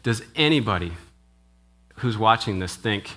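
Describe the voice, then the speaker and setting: A man's voice: fairly low pitch, normal speed, sharp tone. A man preaching a sermon in a church as minister. He speaks conversationally and keeps asking the congregation questions, often tagging "right?". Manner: asks the congregation questions, with frequent "right?" tags; conversational, with restarts and brief laughs. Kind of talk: interactive sermon.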